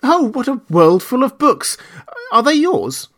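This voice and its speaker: A man voicing an eager, cheerful young boy king, raising his voice high with excitement in a storybook reading. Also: slow pace, vocal fry, exaggerated voice. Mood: excited.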